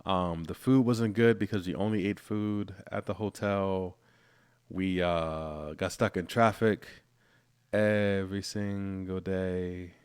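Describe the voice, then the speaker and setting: A young man co-hosting a podcast, talking in a relaxed, rambling way with plenty of fillers. His voice sits fairly low and is recorded close and dry. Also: unhurried, clear, resonant tone, no room sound. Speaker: podcast co-host. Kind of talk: casual chat.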